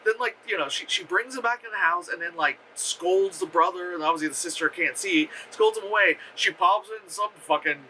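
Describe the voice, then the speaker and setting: Young male film reviewer, slightly high, very bright voice, profane, filler-heavy, animated recap. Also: fairly quick, hardly any pauses, a little hiss or hum, low-quality recording. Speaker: movie reviewer. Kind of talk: casual rambling film review.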